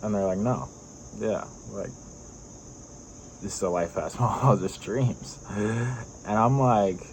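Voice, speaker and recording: A man's voice: on the low side, slow pace, darkish tone, slight background noise, poor audio. A young man vlogging, telling a personal story in a rambling way, full of fillers and laughs.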